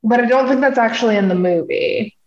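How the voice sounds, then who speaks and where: A woman's voice: on the high side, a little fast, reverberant, dull audio. A woman co-hosting a casual chat, laughing often and making sarcastic asides. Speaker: podcast co-host.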